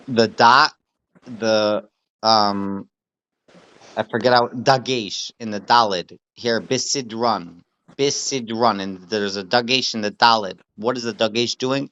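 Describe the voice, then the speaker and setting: A man teaching a study session, reading text aloud slowly and repeating words to explain pronunciation. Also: mid-range voice, fairly bright tone, clear, resonant tone, muffled recording.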